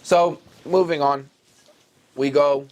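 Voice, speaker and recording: A man co-hosting a podcast, retelling a story in an animated, mock-dramatic way with big swings in his voice. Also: on the high side, slow. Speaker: podcast co-host. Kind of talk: comedic casual retelling.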